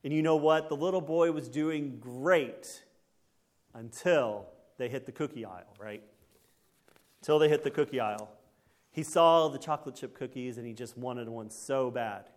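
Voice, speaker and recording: Speaking at a medium pitch, this male preacher keeps his sermon homespun and chatty. He often pauses to check in with the congregation through short tag questions.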